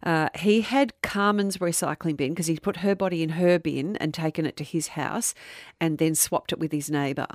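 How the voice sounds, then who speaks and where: A woman's voice: sits low, moderate pace, few pauses, no room sound, studio quality. A woman hosting a true crime podcast, telling the case in a casual, chatty way. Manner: conversational, relaxed storytelling with fillers. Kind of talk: casual storytelling chat.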